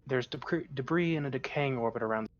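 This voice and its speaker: A man's voice: mid-range voice, quick pace, muffled recording. Man reading clipped sensor reports. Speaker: game master. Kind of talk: narrating a tabletop game.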